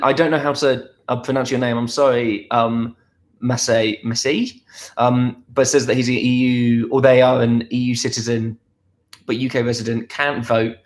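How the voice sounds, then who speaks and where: A young man from Essex hosting a casual livestream at home, reading out viewer comments in a chatty, playful, self-deprecating way. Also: mid-range voice. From Essex, England. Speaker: livestream host. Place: at home, indoors.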